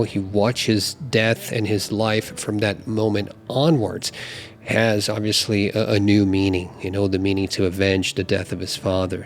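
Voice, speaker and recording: Low-voiced chatty man hosting a music channel. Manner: relaxed, chatty, many you-knows. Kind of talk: casual talk on song lyrics.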